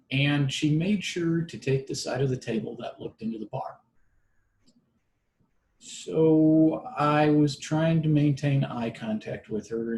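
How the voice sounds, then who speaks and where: A man telling a personal story in a casual monologue, with wry, deadpan humor. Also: mid-range voice, slight background noise. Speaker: podcast storyteller. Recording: roomy echo.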